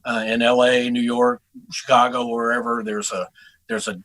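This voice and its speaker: A middle-aged man from Texas chats easily as a guest musician, circling back and restarting his sentences as the stories come. His voice has a bright, forward ring. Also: mid-range voice, normal speed, gravelly, poor audio. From Houston, Texas. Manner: relaxed storyteller with frequent restarts. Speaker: guest saxophonist. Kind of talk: casual interview chat.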